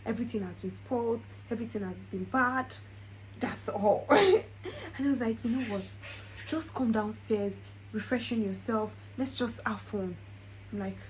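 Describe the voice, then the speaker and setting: A woman's voice: a little high, moderate pace, rough recording. A young woman, telling a personal story in a casual vlog and laughing often. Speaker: vlogger.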